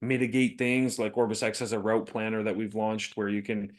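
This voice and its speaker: A man's voice: lowish voice, little pitch movement, brisk. A man co-hosting a business podcast, talking casually, telling stories and laughing often. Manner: chatty, laughs often, storytelling. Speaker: podcast co-host.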